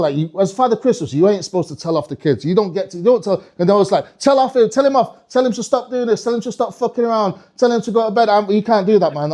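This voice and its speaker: Brief: comedian on stage, high voice, rambling and foul-mouthed. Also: male voice. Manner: rambling, restarts and swearing, animated. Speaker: stand-up comedian. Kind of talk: stand-up comedy storytelling.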